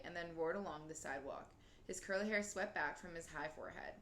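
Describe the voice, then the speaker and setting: A woman reading a children's novel aloud in a steady, gently expressive way. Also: on the low side. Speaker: reader. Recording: roomy with faint noise.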